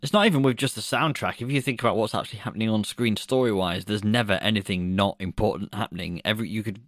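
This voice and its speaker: A man in casual podcast chat, with a fairly low voice. He laughs easily and swears in passing, and his delivery often draws out. The recording is close and dry, with no room sound. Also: quick pace, a bit bright, dry recording. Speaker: podcast co-host.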